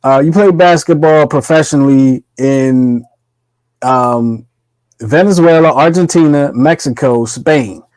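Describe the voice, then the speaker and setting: A man hosting a podcast interview, relaxed and asking long, winding questions. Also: mid-range voice, no room sound, low-quality recording. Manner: relaxed, asks drawn-out questions. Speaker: podcast host. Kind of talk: casual interview.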